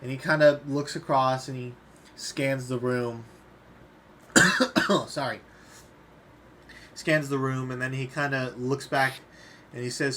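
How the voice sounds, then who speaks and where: A man running a tabletop game as game master, narrating in a relaxed, chatty storytelling way. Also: medium pitch, takes it slowly, long pauses, a little hiss or hum.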